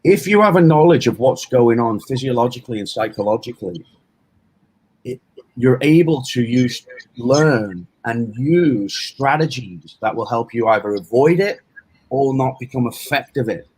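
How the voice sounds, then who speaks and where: A middle-aged man from England talks casually about self-defense in a husky, slightly breathy voice. He rambles through stories, restarting sentences and dropping in fillers, his pitch sitting in an ordinary middle range. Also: lively intonation, normal speed, a little mellow, low-quality recording. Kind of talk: casual interview talk.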